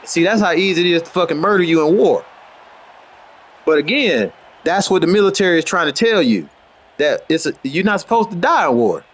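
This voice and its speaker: A man streaming a football video game, rambling in brash, boastful, profane commentary and trash talk, dropping to low mutters and then jumping into high outbursts. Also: animated, a little fast. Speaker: gamer streaming gameplay.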